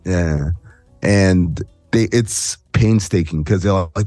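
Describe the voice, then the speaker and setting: Low-voiced man, halting and wry. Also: steady tone, a little mellow, no room sound, studio quality, soft background music. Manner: halting, self-correcting, wry. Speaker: podcast co-host. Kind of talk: casual sports-talk banter.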